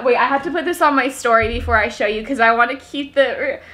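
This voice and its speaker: Gushing, high-pitched young woman vlogger. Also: fast, few pauses, bright, forceful tone. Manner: gushing, breathless, exclamatory. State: post-workout, catching breath. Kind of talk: excited unboxing vlog.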